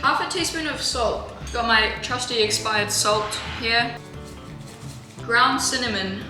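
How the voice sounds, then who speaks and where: A woman's voice: on the high side, takes it slowly, reverberant, music in the background. A young woman from New Zealand with a New Zealand accent, chatting offhandedly and jokingly while she bakes for a cooking vlog. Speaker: cooking vlogger. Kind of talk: casual cooking vlog chat.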